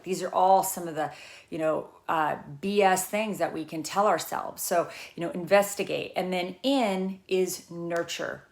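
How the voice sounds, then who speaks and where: A woman's voice: sits low, creaky. A middle-aged woman coach talking casually to camera, earnest and rambling, full of fillers and restarts. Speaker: trauma recovery coach.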